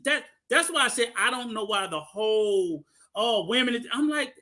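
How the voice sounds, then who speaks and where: A man co-hosting a podcast, swearing a lot and telling animated stories in casual chat. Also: very high-pitched, normal speed, few pauses. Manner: profane, animated storytelling. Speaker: podcast co-host.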